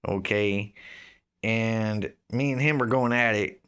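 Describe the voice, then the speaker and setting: A man's voice: lowish voice, takes it slowly, fairly bright tone, clear, resonant tone. A man in his thirties casually telling a story, rambling with lots of fillers and swearing. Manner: rambling, profane, filler-heavy. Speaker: vlogger.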